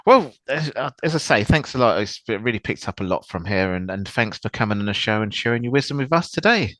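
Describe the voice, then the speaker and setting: A man's voice: on the low side, lively intonation, fast, fairly bright tone, dry recording. A man hosting a podcast interview, agreeing often and chatting casually. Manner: agreeable, frequent backchannels and laughs. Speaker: podcast host.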